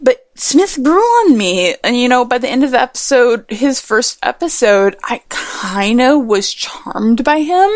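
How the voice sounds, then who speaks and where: A woman's voice: on the high side, big pitch swings, a little slow, hardly any pauses, dry recording. Woman, young adult, tipsy, profane, sarcastic, rambling podcast talk, dry close sound. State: tipsy from drinking. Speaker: podcast host. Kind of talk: rambling casual podcast monologue.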